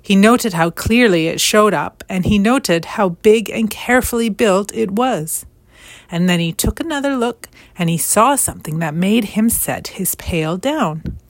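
A woman reading a children's novel aloud in a gentle, measured storytelling manner. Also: medium pitch, expressive, no room sound. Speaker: storybook reader.

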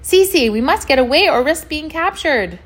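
A woman's voice: medium pitch, expressive, normal speed, fairly bright tone. A woman voicing an anxious, earnest male polar bear in a storybook, breathless and overly polite. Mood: frantic. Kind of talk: storybook narration.

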